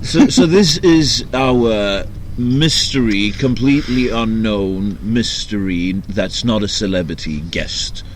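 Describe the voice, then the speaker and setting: A man's voice: fairly low pitch, lively intonation, slow, hardly any pauses, slight background noise. A man hosting a casual podcast, swearing freely and bantering with his guests. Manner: profane, laughing, banter. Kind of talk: casual chat.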